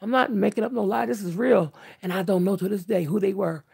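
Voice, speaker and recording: A woman's voice: mid-range voice, fairly even intonation, fast talker, vocal fry, darkish tone, husky, no echo. An older woman talking candidly to her viewers in an earnest, emphatic, outspoken way. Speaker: vlogger.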